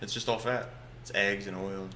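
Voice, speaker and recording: A man's voice: fairly low pitch, fairly even intonation, moderate pace, a crowd in the background. A man co-hosting a comedy podcast, riffing jokes and bits in casual chat. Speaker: podcast co-host, stand-up comic. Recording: echoey room with faint noise.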